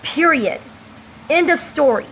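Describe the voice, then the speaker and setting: A woman's voice: high-pitched, expressive, fairly bright tone, slight background noise, low-quality recording. A woman from the United States speaking an emphatic, impassioned opinion monologue as a vlogger. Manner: impassioned, emphatic, slow deliberate delivery.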